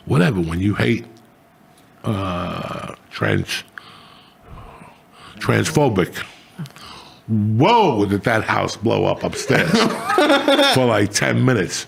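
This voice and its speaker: Gravelly, profane middle-aged man. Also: on the low side. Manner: profane, rambling, animated. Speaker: podcast host. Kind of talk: crude casual storytelling.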